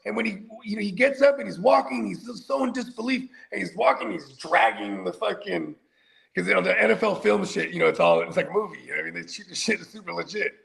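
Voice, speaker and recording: A man co-hosting a casual sports podcast, telling stories in an animated, profane way that swings between loud bursts and quiet asides. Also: high voice, racing, vocal fry, few pauses. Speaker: podcast co-host.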